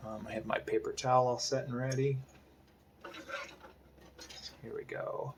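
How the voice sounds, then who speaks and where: A man's voice: mid-range voice, flat delivery, a little slow, a little hiss or hum. A man talking through his drawing process in a casual tutorial, thinking aloud and hesitating, often dropping to half-whispered asides. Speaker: art instructor.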